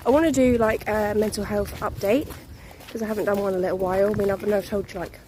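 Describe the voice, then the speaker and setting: A woman's voice: mid-range voice, quick pace, darkish tone, a little hiss or hum. Breathless young woman vlogging outdoors. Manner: chatty, laughs often, talks to her dog. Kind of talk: casual vlog chat while walking. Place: muddy forest outdoors.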